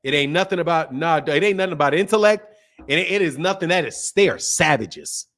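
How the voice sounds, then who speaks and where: A young adult man hosting a boxing livestream, ranting emphatically and profanely, repeating himself and swinging between loud outbursts and quiet mutters. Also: fairly high pitch, animated, fairly quick. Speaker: boxing channel host. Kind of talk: heated livestream rant.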